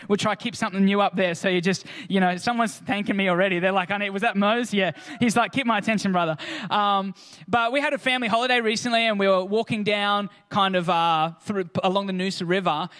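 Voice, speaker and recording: A man's voice: high voice, fairly bright tone. A man speaking to an audience, telling a personal anecdote in a chatty way, full of "like" and "kinda" and acted-out quotes. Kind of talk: anecdotal storytelling to a crowd.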